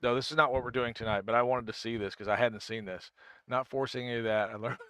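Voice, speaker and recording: A man streams a game, speaking fast in a medium-pitched, steady voice that sounds pushed, bright, and smooth in a dry recording. His casual live-stream chat rambles as he answers viewers and thinks aloud, often cutting himself off to start over.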